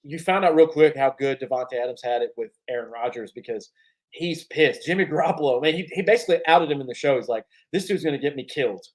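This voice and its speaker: A man co-hosting a casual sports podcast, swearing freely and telling lively stories with bursts of laughter. His voice sits at an ordinary middle pitch. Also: fast talker, poor audio. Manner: profane, animated storyteller with bursts of laughter. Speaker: podcast co-host.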